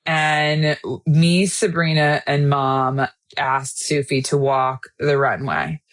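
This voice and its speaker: An earnest woman co-host speaks with a somewhat low voice, sharing experiences from her intuitive readings in a casual, enthusiastic chat. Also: slow. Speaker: podcast co-host and intuitive reader.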